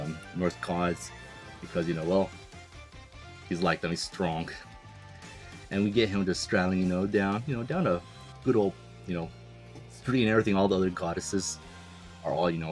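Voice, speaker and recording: A young man casually breaking down a manga chapter, rambling and chuckling, full of "like" and "you know". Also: sits low. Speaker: manga reviewer.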